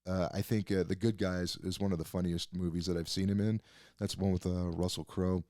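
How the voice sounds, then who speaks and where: A podcast host with a low, dark, fairly monotone voice talks briskly into a close desk mic, and the recording is dry. His film review is casual and rambling, packed with fillers, restarts, and the occasional curse.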